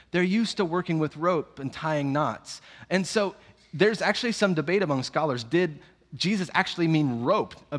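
A man delivers a sermon with a playful, storytelling manner. His voice sits a little high and swings widely in pitch. The sound carries a long reverb, like a big hall. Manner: playful, animated storytelling with jokes. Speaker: preacher.

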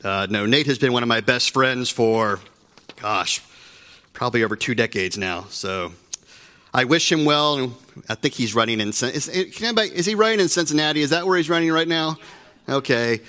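A man's voice: medium pitch, animated, brisk, bright, forceful tone. A middle-aged man preaching a sermon from a church pulpit, chatty and joking with the congregation. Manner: joking, conversational, self-deprecating asides. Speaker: pastor. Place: church sanctuary.

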